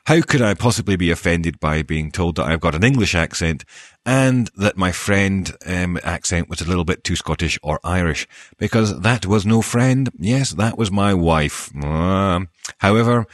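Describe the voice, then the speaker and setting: A man hosting a podcast who chats in a light, good-humoured way and rattles off quick lists of thanks. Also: deep voice, lively intonation, no echo. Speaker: podcast host and newsreader. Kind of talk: casual podcast sign-off.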